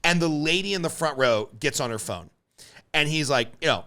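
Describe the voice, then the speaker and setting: A man's voice: fairly high pitch, fast talker, bright, forceful tone. A man hosting a podcast, telling a story in casual chat, acting out quotes and swearing freely. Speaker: podcast host.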